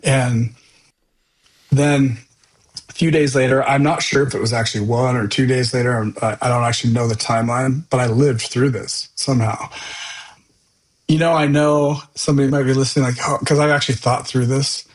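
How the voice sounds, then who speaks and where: A man's voice: mid-range voice, steady tone, moderate pace, low-quality recording. Earnest man telling his life story. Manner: earnest and candid, loose conversational phrasing. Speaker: podcast guest. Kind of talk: personal testimony storytelling.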